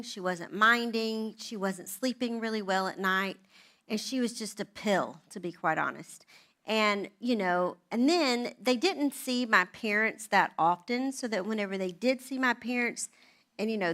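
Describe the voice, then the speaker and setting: A middle-aged woman, speaking to a church moms' gathering in an animated, wry, self-deprecating storytelling way. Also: mid-range voice. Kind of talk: storytelling talk to a live audience.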